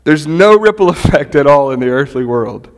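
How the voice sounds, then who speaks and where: A middle-aged man giving a conversational sermon as a pastor, animated and often checking in with "right?". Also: fairly high pitch, normal speed. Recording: long hall reverb.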